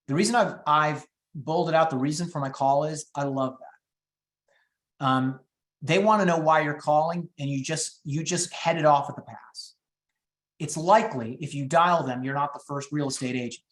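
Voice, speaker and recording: A middle-aged man leading a real estate training session, talking in an upbeat, high-energy way and moving quickly through his points. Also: a bit bright, roomy sound. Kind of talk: training webinar talk.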